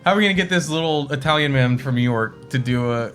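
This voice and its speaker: A man's voice: medium pitch, fast, fairly bright tone, faint music behind. Casual male podcast co-host. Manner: rambling, swears freely, quotes lines. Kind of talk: casual movie discussion.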